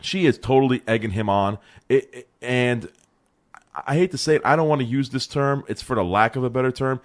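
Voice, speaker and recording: A young man co-hosting a sports podcast in a small studio, talking in an excitable, animated way and calling his partner bro. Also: mid-range voice, a little fast. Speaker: co-host. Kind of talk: casual sports talk.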